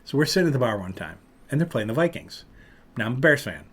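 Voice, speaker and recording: A man hosting a podcast, telling a long story in casual chat and loudly acting out what people said. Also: mid-range voice, quick pace, husky. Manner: animated, acts out loud quotes of other people. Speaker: podcast host.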